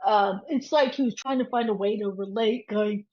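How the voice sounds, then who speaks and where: As a guest on an interview show, a woman tells a story and animatedly voices the people in it as she goes. Her mid-range voice moves at a moderate pace, and the audio is dull and lo-fi.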